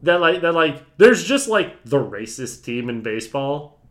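A man co-hosting a casual film podcast, rambling excitably with lots of "like" and "right" and frequent laughter. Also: fairly high pitch, a little slow. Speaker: podcast co-host. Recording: roomy echoey room.

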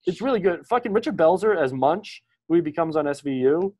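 A man in his thirties co-hosting a podcast in casual chat, animated, swearing a lot and full of fillers. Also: a little high, brisk. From Maryland, USA. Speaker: podcast co-host.

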